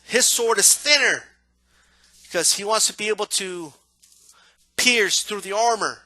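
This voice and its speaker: A man giving a casual, animated monologue about how he watches boxing, often asking "right?". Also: sits high, no echo. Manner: animated, acts out yelling crowd members, repeats "right?". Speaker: boxing commentator.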